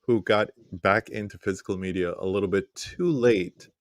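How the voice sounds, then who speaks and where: A man hosting an interview, relaxed and jokey as he asks his questions. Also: low voice, normal speed, no echo. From New York. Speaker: podcast host. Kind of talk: casual interview chat.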